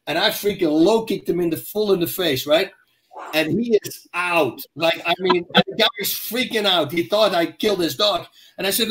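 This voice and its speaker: A man's voice: high voice, moderate pace. A middle-aged man, telling stories in casual podcast chat and acting out the voices in them. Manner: animated storyteller, acts out quotes and dog growls. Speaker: podcast co-host.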